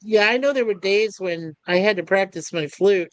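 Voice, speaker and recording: A man's voice: high-pitched, normal speed, no room sound. Rambling man in dry casual chat. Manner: rambling, lots of fillers, laughs often. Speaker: podcast co-host.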